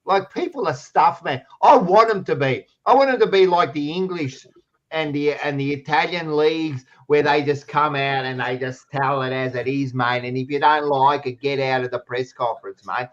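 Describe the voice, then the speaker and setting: A high-voiced Australian man who rants hard and swears freely through a football argument. His voice comes through a dull, muffled recording. He talks bluntly and keeps pushing his point. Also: normal speed, fairly bright tone. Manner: blunt, swears a lot, ranting. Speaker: podcast co-host. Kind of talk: heated footy banter.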